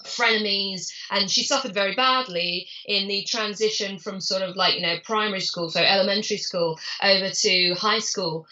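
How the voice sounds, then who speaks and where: A woman's voice: medium pitch, moderate pace, few pauses. A middle-aged woman, an author guest animatedly telling stories about her children in a casual interview. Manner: animated storyteller, acts out family quotes. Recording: distant, muffled remote audio.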